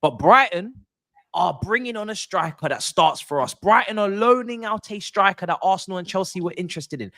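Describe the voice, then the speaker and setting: A man's voice: high-pitched, lively intonation, brisk, pushed and bright. A young man running his section of a football panel, venting frustration about his club's cup exit.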